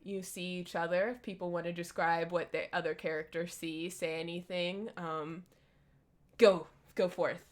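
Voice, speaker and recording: A woman's voice: fairly low pitch, steady tone, moderate pace. A woman running a tabletop game as dungeon master, setting the scene in a loose, chatty way.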